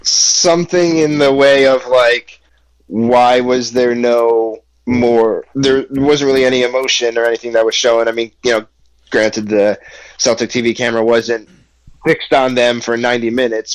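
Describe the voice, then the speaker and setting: A mid-pitched man from the United States talks soccer on a podcast, rambling through his points with plenty of "you know" and "like". The sound is dry and close, with no room around it. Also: steady tone, normal speed, dry recording, poor audio. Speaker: podcast co-host. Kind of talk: casual sports chat.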